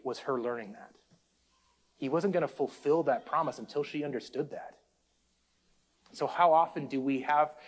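A man's voice: medium pitch, a little mellow. A man preaching a sermon, calling out to the congregation and building up and easing off his intensity. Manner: preaching with call-outs to the congregation, rising and falling intensity. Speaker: pastor.

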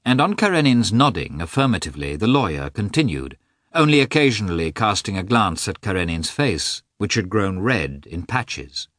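A man narrating a classic novel with an expressive, scripted delivery. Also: on the low side, moderate pace, dry recording, studio quality. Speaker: audiobook narrator.

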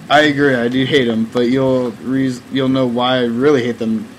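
A young podcast host with a medium-pitched, level voice tells a rambling, profane story at a measured pace in casual chat. He says "like" constantly and laughs often. The audio is poor, with slight background noise.

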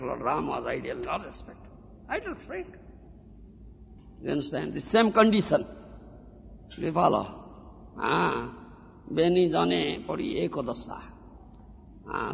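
A man's voice: on the high side, vocal fry, slight background noise. A man giving a devotional sermon as a spiritual teacher, repeating words and often checking in with "huh?" and "you understand?". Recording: lo-fi recording in a reverberant hall.

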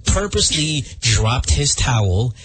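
Rambling, lively-voiced man joking on the radio. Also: medium pitch, measured pace, slightly rough. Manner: rambling, joking, many restarts. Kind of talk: casual comedic chat.

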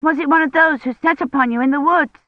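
A woman voicing a curious, eager little girl in an audiobook, with a high, questioning voice. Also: quick pace, dry recording, highs cut off, natural voice.

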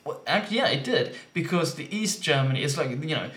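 A man in casual podcast chat, talkative and quick to laugh. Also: a little high, lively intonation, fairly bright tone, roomy sound. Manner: chatty, laughs often, hesitant restarts.

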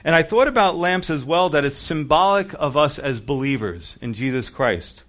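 A man's voice: fairly high pitch, expressive, normal speed, hardly any pauses, a bit bright. A man preaching a sermon in a conversational way, acting out quoted voices as he goes. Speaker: pastor.

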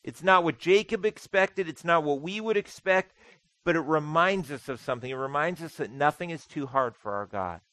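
A man's voice: a little high, expressive, moderate pace, pushed and bright, dry recording, rough recording. A man preaching a sermon as pastor, conversational with dry humor and emphatic repetition. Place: church sanctuary.

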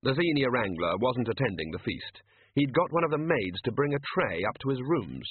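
A man narrating an audiobook in a dry, steady storytelling manner. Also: lowish voice, breathy edge, dry recording. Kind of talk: scripted narration. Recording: narrow phone-like sound.

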